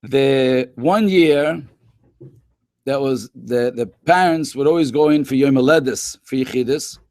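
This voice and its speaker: Rabbi telling stories to schoolchildren. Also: male voice, medium pitch, a little slow, a little mellow, dry recording, clean studio sound. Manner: conversational, peppered with Hebrew and Yiddish terms. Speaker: rabbi and educator. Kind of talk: storytelling talk to schoolchildren in a webinar.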